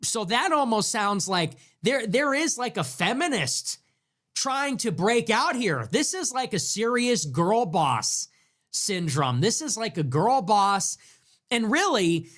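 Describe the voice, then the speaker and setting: Sarcastic, animated male commentary host. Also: high-pitched, slow. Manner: sarcastic and mocking, with crude insults. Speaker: political commentary show host. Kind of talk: political commentary monologue.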